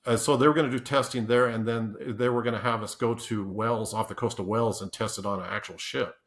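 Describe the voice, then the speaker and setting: A fast-talking man with a fairly low pitch, steady tone and fairly bright quality rambles through casual stories as an interview guest on a podcast. He trips into restarts, laughs often and plays out the quotes.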